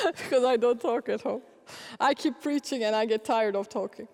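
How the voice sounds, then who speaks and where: A middle-aged woman preacher telling animated, laughing stories in a sermon. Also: a little high, normal speed. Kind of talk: storytelling sermon. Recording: long hall reverb.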